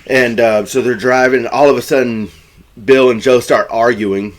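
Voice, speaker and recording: A man casually recapping a film's plot as a reviewer, rambling and correcting himself, and now and then jumping into loud, high-pitched acted quotes. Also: fairly even intonation, normal speed. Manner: rambling, self-correcting storyteller. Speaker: movie reviewer.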